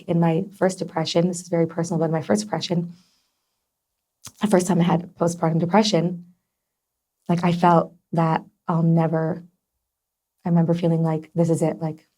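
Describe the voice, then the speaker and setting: A woman's voice: fairly low pitch, level tone, normal speed, mellow. A young adult woman as a podcast guest, talking in an earnest, heartfelt way with many fillers. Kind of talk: personal conversation.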